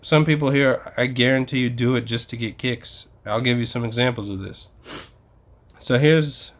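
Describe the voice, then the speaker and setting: A man's voice: medium pitch, moderate pace. Young guy venting on his vlog, cussing a lot, casual and fed up. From United States. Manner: profane, exasperated storytelling. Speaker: vlogger.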